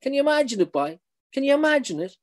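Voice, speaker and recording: Give me a man playing a boisterous Cork fan with a strong Cork accent, pitched high and loud, chanting slowly. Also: big pitch swings. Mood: rowdy. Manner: rowdy, sing-song, bursts into chanting. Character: boisterous Cork man cheering rowing champions.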